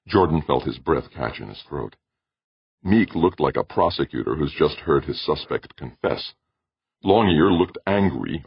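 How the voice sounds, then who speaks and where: A man narrates a science fiction novel in a very deep, husky voice. His intonation moves a lot from phrase to phrase. The recording is dry and dull, with a lo-fi feel. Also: no room sound. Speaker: audiobook narrator. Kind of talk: scripted narration.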